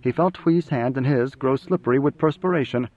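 A man narrating a novel in a steady, even storytelling manner. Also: medium pitch, brisk, dry recording. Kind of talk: audiobook narration. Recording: dry, slightly dull audio.

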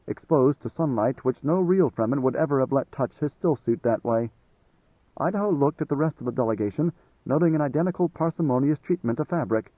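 A man narrating a novel as an audiobook in a measured, dramatic reading. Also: mid-range voice, no room sound, highs cut off. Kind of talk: scripted narration.

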